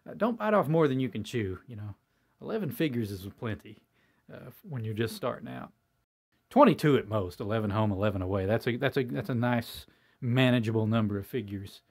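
A man hosting his own hobby channel talks casually to camera in an expressive, slightly fast, mid-range voice with a darkish tone. He rambles folksily, heavy on fillers and quick to poke fun at himself.

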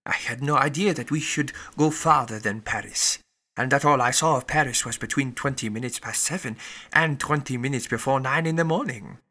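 A man voicing a talkative, excitable French valet in an audiobook reading. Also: medium pitch. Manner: talkative, fussy.

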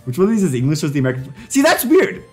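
A young man on a live stream, joking as he reads prompts aloud. His voice sits high and swings widely in pitch. Faint music plays quietly behind him. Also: huge pitch swings, rapid-fire, breathy edge. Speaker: livestreamer. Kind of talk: casual live-stream commentary.

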